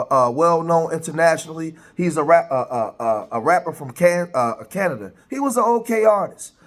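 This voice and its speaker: A man hosting a casual news commentary, talking in a halting way with many filler sounds and restarts. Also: on the high side. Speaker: commentary channel host.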